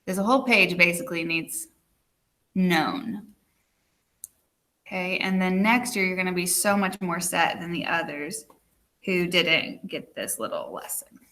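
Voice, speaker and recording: A woman's voice: on the low side, expressive, unhurried, pauses often, pushed and bright. A woman teacher giving a recorded video lesson, chatty and checking in with her students with frequent "okay"s.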